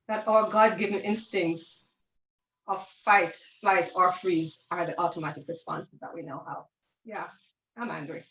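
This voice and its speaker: A woman's voice: fairly low pitch, measured pace, fairly bright tone. A woman on a church panel, reading her own poem and reflecting with earnest, building intensity. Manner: earnest, rising intensity in repeated refrain. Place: church town hall. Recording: distant, roomy, dull-sounding.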